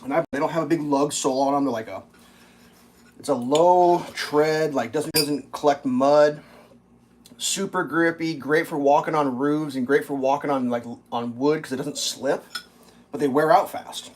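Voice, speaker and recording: A man's voice: a little high, fairly even intonation, moderate pace, slight background noise. A man hosting his own channel, ranting casually and rambling, swearing often and leaning on fillers. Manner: rambling and profane, with many fillers. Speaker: channel host. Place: at a breakfast table.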